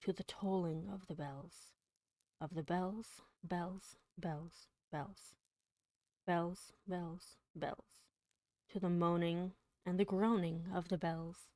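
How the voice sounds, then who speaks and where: Slow, mellow-voiced woman streamer. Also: on the low side, fairly even intonation, no echo. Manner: slow and dramatic, drawing out words, with soft whispered passages. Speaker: livestreamer. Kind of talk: poetry reading and chat on a livestream.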